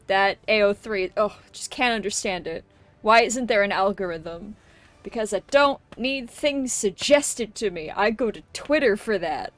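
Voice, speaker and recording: A woman's voice: medium pitch, expressive, normal speed, dry recording. A woman streaming a game live, chatting casually with chat and ranting with plenty of swearing. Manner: profane, ranting, greets chat.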